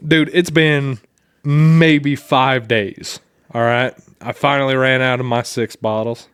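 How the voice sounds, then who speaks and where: A man co-hosting a casual podcast, telling loose, rambling stories packed with profanity. His voice is smooth and resonant, and the sound is dry and close. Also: medium pitch, fairly even intonation, takes it slowly, fairly bright tone, no room sound. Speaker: podcast co-host. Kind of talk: casual chat and storytelling.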